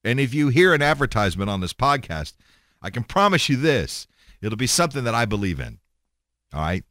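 A man's voice: mid-range voice, very animated, brisk, a bit bright, no room sound, studio quality. A man hosting a podcast, talking in a blunt, rambling casual monologue with plenty of swearing and restarts. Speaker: podcast host.

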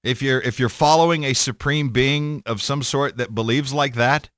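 A man giving an irreverent, sarcastic rant, animated and stammering as he goes. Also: medium pitch, normal speed, no echo, studio quality. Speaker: commentator.

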